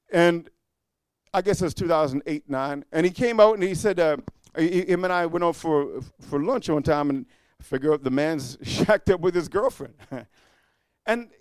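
A man preaching a fiery sermon, repeating "amen" and swinging from low muttering to shouting. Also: smooth, no echo. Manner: repetitive call-and-response, frequent "amen".

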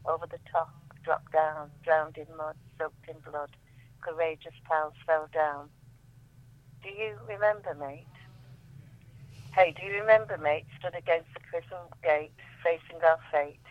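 A woman's voice: sits low, a little slow, no echo. Woman reciting poetry down a phone line. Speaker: poet reading her own work. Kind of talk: poetry reading and radio chat.

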